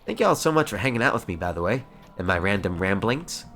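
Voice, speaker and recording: Young male streamer, low voice, very lively delivery, faint music underneath. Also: fast talker. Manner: playful, reads quest text aloud. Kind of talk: casual live-stream commentary.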